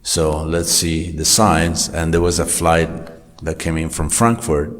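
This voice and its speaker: A man giving an informal scripture class at a temple, telling stories in a relaxed, conversational way. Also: extremely low pitch, measured pace. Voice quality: anecdotal, conversational storytelling. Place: temple hall.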